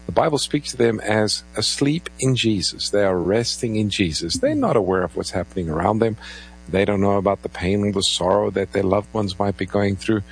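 A man co-hosts a live call-in Bible radio show, introducing callers and reading phone numbers in a lively, lilting way. His voice is fairly low and slightly rough at a normal speed, and the recording is rough.

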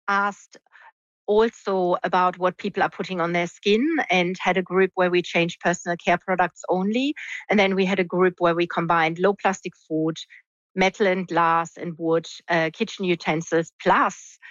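A woman researcher explaining a study in an interview, measured and using fillers. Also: on the low side, fairly even intonation, dry recording, muffled recording. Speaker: researcher guest.

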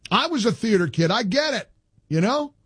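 A man's voice: high voice, very animated, moderate pace, fairly bright tone, breathy edge, dry recording. A man hosting a talk radio show, combative and insistent, hammering points home by repeating phrases.

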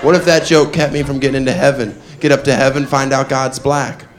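Male comic doing stand-up, deadpan and chuckling, handheld mic, noisy live club tape. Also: medium pitch, fairly quick. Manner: deadpan, self-amused, often laughing. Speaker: stand-up comedian. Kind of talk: stand-up comedy set. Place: comedy club stage. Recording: live club recording with background noise.

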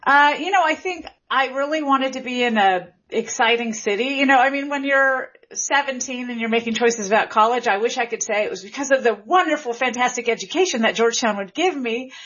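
A Gen X woman from Memphis with a light Southern accent, a linguist answering interview questions in a chatty, animated way with many fillers. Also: a little high, a little fast, hardly any pauses, muffled recording. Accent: light Southern American. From Memphis, Tennessee. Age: Generation X. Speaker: linguist guest.

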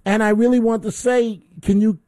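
A male radio host with a higher voice tells a story with animated energy. He acts out his own shouts as he talks. The sound is dry and close, from a studio microphone. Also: normal speed, dry recording. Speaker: radio talk show host. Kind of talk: call-in radio talk.

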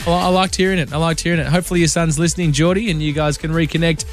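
A man's voice: on the high side, steady tone, racing, faint music behind. Chatty Australian man hosting radio. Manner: chatty, laughs often. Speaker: radio host. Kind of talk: casual radio banter.

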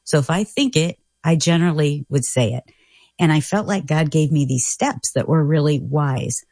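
Female radio guest, gritty and breathy, dry studio sound, earnest and reflective. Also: low-pitched, animated, normal speed, dry recording. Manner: earnest, reflective storytelling with soft laughs. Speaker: guest author. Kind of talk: casual radio conversation.

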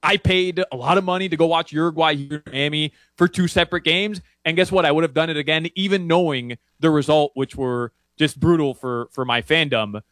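A man breaks down soccer bets as a guest, rambling and restarting his sentences as he gets animated. His voice sits a little high. The sound is dry and close. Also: brisk, few pauses, dry recording. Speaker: soccer betting guest analyst. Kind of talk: casual sports talk. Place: Miami area.

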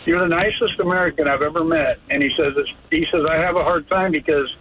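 A man's voice: on the high side, fairly even intonation, fast talker, slightly rough. A man in his fifties calling in to a radio show, telling a heartfelt story in a rambling way. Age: 50s. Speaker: caller. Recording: tinny phone line with noise.

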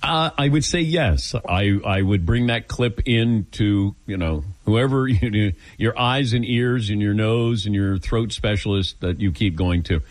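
A man's voice: lowish voice, unhurried, few pauses, rough recording. A man hosting a sports talk radio show, easygoing and teasing, taking calls and bantering with his crew. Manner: easygoing, teasing, laughs often. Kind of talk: casual talk radio chat.

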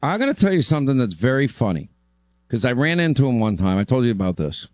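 A man's voice: mid-range voice, sing-song, fast, darkish tone, dry recording. A man hosting a talk radio show, talking bluntly and joking around with a guest.

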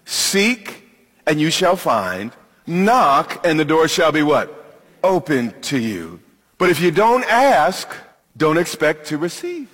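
A man preaching a sermon as pastor, emphatic, with dramatic pauses and questions to the congregation. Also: on the high side, sing-song, fairly bright tone, husky, in a large hall.

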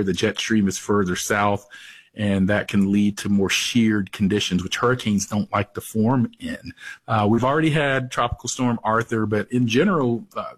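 Husky-voiced man explaining weather. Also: fairly low pitch, dry recording, low-quality recording. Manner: measured, explanatory. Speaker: meteorologist guest. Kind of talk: radio interview answers.

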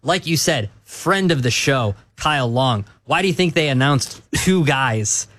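A man's voice: mid-range voice, animated, unhurried, fairly bright tone. A man co-hosting a live sports talk radio show, joking and emphatic in banter. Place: radio studio.

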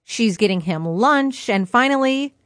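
A woman's voice: a little high, lively intonation, measured pace, a bit bright, no echo, studio quality. A woman co-hosting a radio talk show, chatting and reading listener comments aloud. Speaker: radio co-host.

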